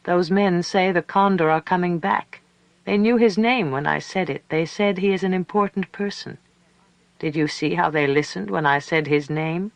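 A man reading aloud, voicing an excited middle-aged mother who speaks in a raised, insistent way. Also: on the high side, moderate pace, vocal fry, hardly any pauses, no echo, low-quality recording. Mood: eager.

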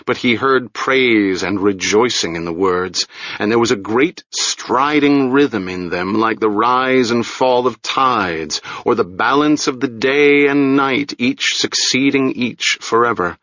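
A man narrating a fantasy novel in a measured, deliberate way. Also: mid-range voice, fairly bright tone, dry recording, lo-fi sound. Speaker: audiobook narrator.

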